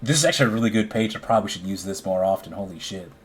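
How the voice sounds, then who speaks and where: A man's voice: low-pitched, expressive, racing. A man playing a game, giving casual, self-critical gameplay commentary full of swearing. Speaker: game player.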